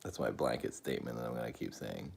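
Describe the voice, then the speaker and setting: A man hosting a casual live stream, rambling to his chat with sudden excited outbursts. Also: rumbling low, quick pace, creaky, breathy edge.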